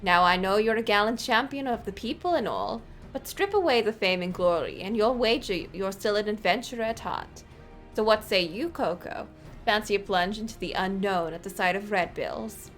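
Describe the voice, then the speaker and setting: A woman's voice: medium pitch, normal speed, fairly bright tone, faint music behind, close to an everyday voice. A woman reading the lines of a swaggering pirate captain, using folksy pirate slang in a coaxing way.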